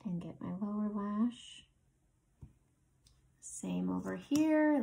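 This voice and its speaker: Speaking slowly with long pauses, a woman narrates her makeup tutorial in a chatty, relaxed manner, describing each step as she goes. She's close to the mic, and her mid-range voice sounds gravelly and creaky.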